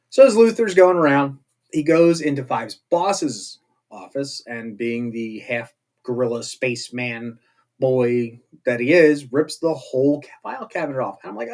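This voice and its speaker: A man's voice: mid-range voice, a little mellow. A man casually recapping TV episodes as a show host, chatty and rambling with jokey asides. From not British.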